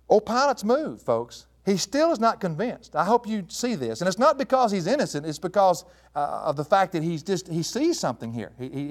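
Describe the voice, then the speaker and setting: Male preacher, sermon delivery, high-pitched and highly expressive, addresses the listeners as folks. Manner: animated, asks the listeners questions and calls them folks. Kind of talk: expository sermon.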